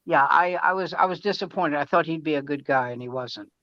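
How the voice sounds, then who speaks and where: An older man and veteran comedian telling animated anecdotes in casual chat, acting out the quotes as he goes. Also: fairly high pitch, brisk, no room sound. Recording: dull lo-fi sound.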